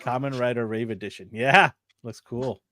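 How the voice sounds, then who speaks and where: A man co-hosting a toy show in casual chat, reading viewer comments and teasing with quick jokes. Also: medium pitch, fairly even intonation, sharp tone, no echo.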